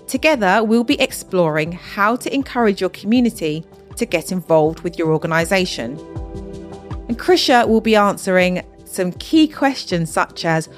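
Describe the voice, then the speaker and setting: A woman hosting a podcast, interviewing guests and reading measured scripted narration. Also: medium pitch, animated, soft background music. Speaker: podcast host.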